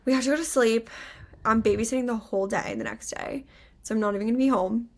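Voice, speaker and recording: A young woman tells a story on a casual podcast, her voice sitting a little high. She acts out what people said and fills her sentences with "like.". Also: fast talker. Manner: animated storyteller, acts out quotes, many "like" fillers. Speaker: podcast co-host.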